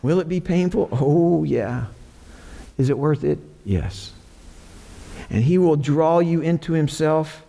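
A man's voice: a little high, lively intonation, slow, gravelly, pauses often, dark tone. A man preaching a sermon in a church, earnest and repeating phrases for emphasis. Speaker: pastor.

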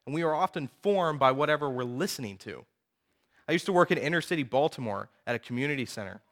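A man in his thirties preaching a sermon, telling personal stories in a lively, conversational way with frequent asides to the audience. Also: a little high. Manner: animated storytelling, conversational asides.

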